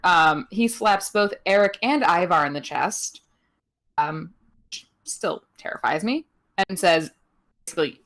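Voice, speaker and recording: A woman's voice: fairly low pitch, unhurried. A young woman co-hosting a podcast, recapping wrestling in casual chat with lots of ums and giggles. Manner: chatty with many ums, giggles, animated voices in quotes. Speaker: podcast co-host.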